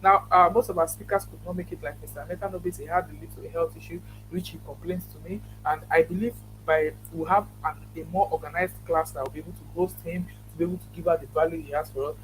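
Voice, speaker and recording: A man's voice: fairly high pitch, fairly even intonation, fast, few pauses, a bit bright, a little hiss or hum, low-quality recording. A Nigerian man hosting an online conference, giving earnest closing remarks and thanking people, with many restarts. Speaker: conference host.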